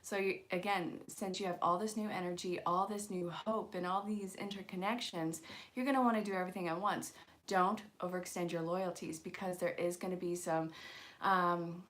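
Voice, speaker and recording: Here the same angel card reader and channel host has a lowish, fairly bright voice, holding a steady tone at a moderate pace. Chatty and encouraging on her casual live stream, she jokes with viewers' comments and keeps to spiritual self-help talk.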